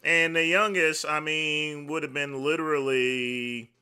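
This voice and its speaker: A man's voice: on the high side, steady tone, measured pace, bright, forceful tone, smooth. A man in his forties, host of a livestream, rambling in casual chat with many fillers. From United States. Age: 40s. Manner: rambling, repeats himself, lots of "you know".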